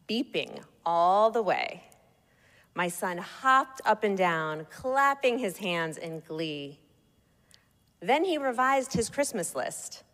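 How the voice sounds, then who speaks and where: Slow, wry woman reading a memoir. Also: medium pitch, a bit bright. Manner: wry, measured storytelling. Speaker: narrator. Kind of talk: personal essay read aloud. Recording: long echoey reverb.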